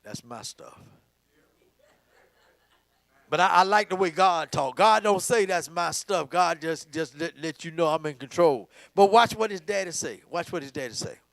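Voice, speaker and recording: A man preaching a sermon in church, swinging from hushed talk to shouting, repeating words for emphasis. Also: on the high side, lively intonation, a little fast, hardly any pauses, no room sound. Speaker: pastor. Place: church sanctuary.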